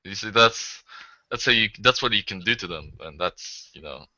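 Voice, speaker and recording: A man with a very bright, forward voice who rambles and jokes his way through a casual group call. The sound is dry and muffled, with the dull tone of a lo-fi voice chat. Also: lowish voice, lively intonation, moderate pace, no echo. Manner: rambling, joking, laughs often.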